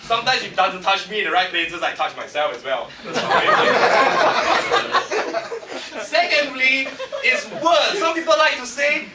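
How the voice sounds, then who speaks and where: A man with a Singaporean English accent giving a humorous contest speech in a lively, punchy way that teases the audience, recorded in a function room by a far camera. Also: very high-pitched, a little slow, a little hiss or hum. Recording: echoey hall from far off.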